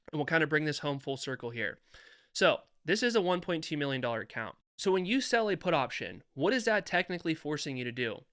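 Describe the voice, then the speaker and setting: A young man explains investing in an emphatic, confident way, hammering his points home by repeating them. His voice sits a little high for a man and sounds bright and forward. Every word comes through smooth and clear. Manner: emphatic, confident, repetitive phrasing. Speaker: investing channel host. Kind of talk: explaining over charts.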